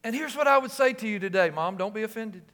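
A man in his fifties preaching a sermon in a church, impassioned, rising to shouts on key lines. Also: high-pitched, expressive, quick pace. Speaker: pastor. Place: church sanctuary. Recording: reverberant church hall.

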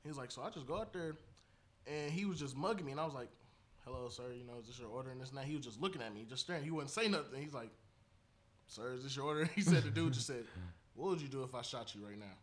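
A man's voice: medium pitch, fast talker. A young man co-hosting a casual chat, telling slangy stories and laughing often. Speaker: podcast co-host.

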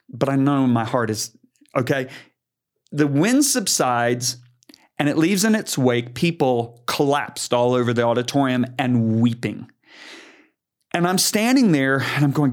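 An older man, a preacher, earnestly telling a story in conversation, animated and emphatic. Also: medium pitch, a little slow. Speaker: guest preacher.

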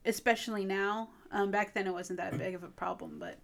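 A woman's voice: medium pitch, steady tone, a little fast, creaky. A woman co-hosting a podcast, chatting casually and rambling with many fillers. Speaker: podcast co-host. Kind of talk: casual chat.

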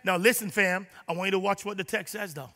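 A male pastor preaching a sermon in a church, emphatic, rising to shouts and dropping to low asides, calling on the congregation to respond. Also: steady tone, quick pace, in a large hall. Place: church sanctuary.

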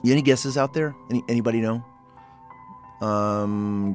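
A man's voice: mid-range voice, a little slow, over music. A man from Oklahoma hosting a casual word-history explainer, chatty and digressive, often restarting and correcting himself. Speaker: podcast host.

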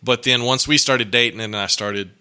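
A man's voice: mid-range voice, fairly even intonation, normal speed, bright, forceful tone, clear, resonant tone. A man as a podcast guest in casual chat, dropping dry, joking quips.

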